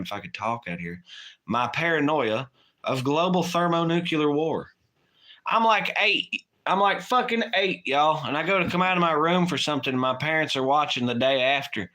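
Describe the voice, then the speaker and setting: Brief: casual late-night streamer guy, swears freely and rambles, with a bright, edgy tone. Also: a little high. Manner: rambling, profane, laughs often. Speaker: livestream co-host.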